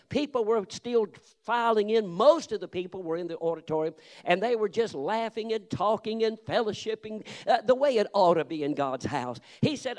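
High-voiced preacher telling stories. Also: male voice, moderate pace. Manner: lively, punchy storytelling with shouted amens. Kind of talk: sermon with storytelling.

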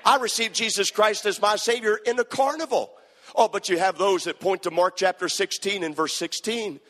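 Preacher, male, high voice, emphatic repetitive sermon delivery, long reverb. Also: moderate pace, a bit bright.

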